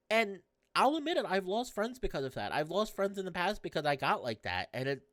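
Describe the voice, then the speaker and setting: A woman gamer talking candidly and emotionally over a story game, halting and restarting as she goes. Her low voice moves a lot in pitch. The sound is close and dry. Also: very animated, no echo. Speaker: gamer playing a visual novel.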